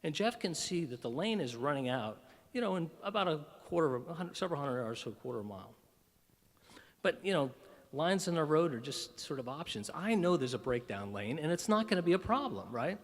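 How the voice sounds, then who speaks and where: A man's voice: fairly high pitch, big pitch swings, fairly quick. A man giving a keynote talk at a breakfast event, telling a story with lots of "you know" and "right". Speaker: keynote speaker.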